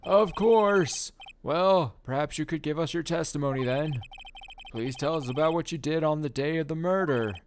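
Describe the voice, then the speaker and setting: A man's voice: moderate pace, lightly acted. A man voicing a timid elderly male judge in a raised, fussy, formal voice, over game music. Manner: high, flustered, formal.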